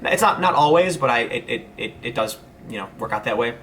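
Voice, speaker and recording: A man's voice: medium pitch, expressive, fairly quick, fairly bright tone, slight background noise. A man, hosting a casual livestream and answering viewer messages in a rambling way, full of fillers and restarts. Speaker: host reading viewer chat.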